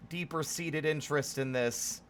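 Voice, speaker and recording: A man's voice: fairly high pitch, a little slow, a little hiss or hum. Wry rambling man streaming a game. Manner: wry, rambling, talks to chat. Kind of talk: casual live-stream chat while gaming.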